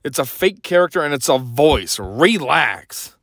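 A man's voice: a little high, big pitch swings, a little slow, a bit bright, no room sound. A young man hosting a podcast, delivering a blunt, sarcastic opinion rant. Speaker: podcast host.

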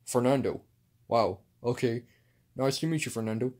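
A man's voice: mid-range voice, moderate pace, a little mellow, close to an everyday voice. Man playing a patient armored superhero. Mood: calm. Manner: hesitant, many fillers. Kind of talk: home toy play-acting.

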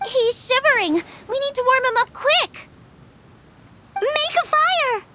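Squeaky hyper little game girl, voice bouncing all over, music going behind. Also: a little hiss or hum, heavily acted. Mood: worried. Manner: lively, exclaiming, quick to get excited. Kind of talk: video game voice acting.

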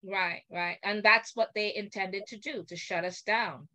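An older woman, a guest on a video call, telling an indignant story with animated, acted-out quotes. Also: medium pitch, a little slow.

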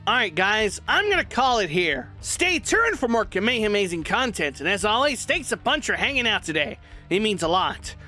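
A man voicing a cheerful young martial arts hero while playing a video game, excitable and yelling when frustrated. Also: high voice, normal speed, faint music behind, exaggerated voice. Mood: friendly. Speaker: gaming channel host. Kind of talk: in-character gameplay commentary.

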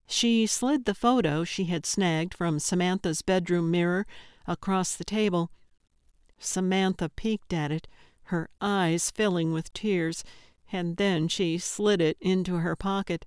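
Slow, smooth woman audiobook narrator. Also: on the low side, no room sound, studio quality. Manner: measured, even storytelling.

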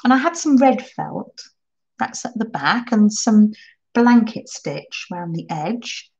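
A woman hosting a live crafting stream, chatting warmly with viewers and answering their comments as she works. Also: medium pitch, expressive, slow, lo-fi sound. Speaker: crafting channel host.

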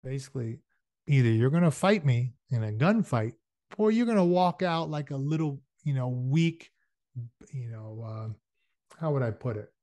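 A man reads a novel aloud and breaks off for casual asides, with fillers. His voice is middle-pitched. The sound is dry and close. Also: lively intonation, moderate pace, mellow, no room sound. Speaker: reader. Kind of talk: reading a novel aloud with commentary.

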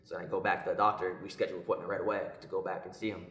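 A young man telling a personal story in a casual podcast chat, lively and acting out what others said. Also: deep voice, very fast. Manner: animated, acts out quoted voices. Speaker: podcast co-host. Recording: echoey room.

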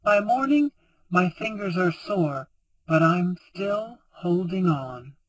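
A man reading a novel aloud as first-person audiobook narration, in a steady, even manner. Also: high voice, takes it slowly, low-quality recording.

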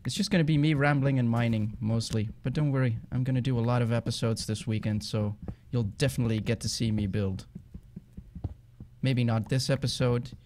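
A man's voice: mid-range voice, brisk, a little hiss or hum. Dutch-accented man rambling over gameplay. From Netherlands. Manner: rambling, chatty, easily excited. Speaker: gaming channel host. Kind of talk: casual let's-play commentary.

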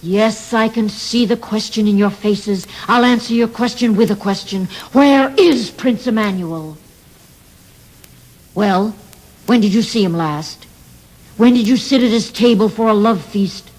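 A man's voice: sits high, measured pace. A man voicing a stern old male prophet who preaches and pleads with rising force. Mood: impassioned.

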